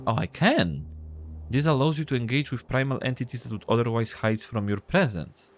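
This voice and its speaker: A man's voice: mid-range voice, brisk, soft background music. A man casually thinking aloud and reading game text while playing a role-playing game. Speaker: gameplay streamer. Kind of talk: casual let's-play commentary.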